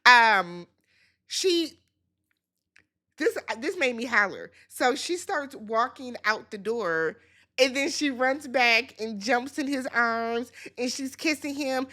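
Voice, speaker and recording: A woman hosting a casual reality-TV recap, chatty and animated, talking straight to her viewers. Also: on the high side. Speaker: YouTube reality-show recap host.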